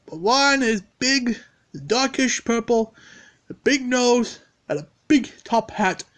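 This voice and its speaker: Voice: medium pitch, takes it slowly, fairly bright tone. A performer voicing a boastful purple animatronic bear in a fan-made story, talking in a rambling, earnest way.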